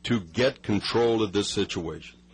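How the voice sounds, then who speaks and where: Male radio host, husky, asks pointed questions over broadcast audio. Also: on the low side, normal speed, poor audio. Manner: direct, probing questions. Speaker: radio interviewer. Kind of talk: radio interview.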